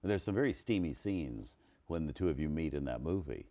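Very deep-voiced male interviewer. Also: lively intonation, fairly quick, mellow. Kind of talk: interview questions.

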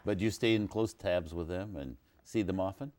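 A male interviewer with a very deep voice. He asks his questions in a measured way, with occasional hesitant fillers. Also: a little mellow.

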